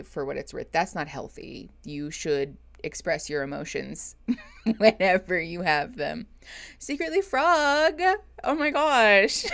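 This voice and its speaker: A woman's voice: fairly low pitch, a bit bright. Chatty woman therapist live-streaming. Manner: chatty, laughs often, jokey asides. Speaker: therapist streaming reaction show. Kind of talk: casual live-stream chat with viewers.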